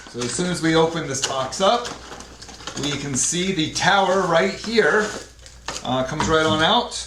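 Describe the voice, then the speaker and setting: Guy doing a casual unboxing review, kinda high voice, talks it thru step by step, roomy echo and a little hiss. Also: a bit bright. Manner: plain, explaining step by step with fillers. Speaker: product reviewer. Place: indoor room at a desk. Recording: echoey room, faint noise.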